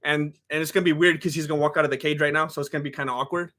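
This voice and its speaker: A man doing live reaction commentary on a fight, ranting and often shouting, pausing to thank new followers. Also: a little high, steady tone. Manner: thanks followers by name between rants. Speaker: live fight companion streamer.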